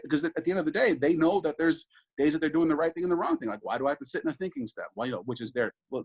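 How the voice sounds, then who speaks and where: This thirtysomething dad speaks in a mid-range, husky voice, captured on a rough recording. The conversational interview finds him earnest and reflective, frequently starting over and adding asides.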